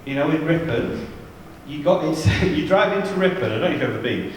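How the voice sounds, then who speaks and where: A slightly high, animated male voice moves briskly through funny, chatty anecdotes and asides as a youth ministry leader gives a seminar. The distant mic captures the echo of a large church hall and slight background noise.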